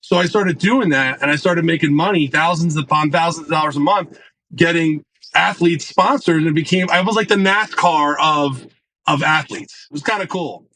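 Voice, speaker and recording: Guy telling stories on a podcast, kinda high voice, acts out what people said. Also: moderate pace, dry recording, low-quality recording. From United States. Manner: animated storyteller, acts out quoted voices. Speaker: marketing executive guest. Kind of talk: casual storytelling interview.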